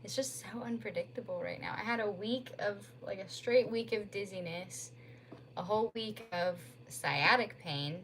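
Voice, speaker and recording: A woman's voice: medium pitch, moderate pace, a bit bright, a little hiss or hum. A young woman chatting casually on a livestream from home into a phone, rambling and filling her talk with "like". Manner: rambling, lots of "like" fillers. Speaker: streamer.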